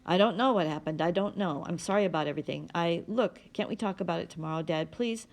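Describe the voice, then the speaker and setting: A woman's voice: fairly low pitch, fast, a little mellow, close to an everyday voice. A woman reading the lines of a withdrawn, anxious teenage boy in a strained, apologetic way. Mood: pleading.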